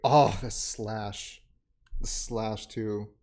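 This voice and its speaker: A man's voice: on the low side, steady tone, drawn-out words, a little mellow. A man hosting an anime reaction, giving casual commentary full of exclamations, laughter and swearing, and talking straight to his viewers. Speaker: anime reaction channel host.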